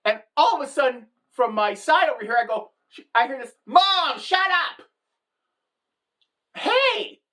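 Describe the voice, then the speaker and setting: A middle-aged woman telling a comic story as a monologue, animated and deadpan at the punchlines, jumping into the voices of the people she quotes. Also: a little high, a little fast. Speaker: comedic storyteller.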